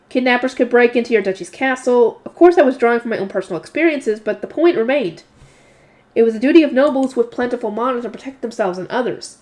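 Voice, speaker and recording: A woman's voice: on the high side, darkish tone. Woman casually reading a novel aloud. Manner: casual reading with self-corrections and commentary. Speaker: narrator and channel host.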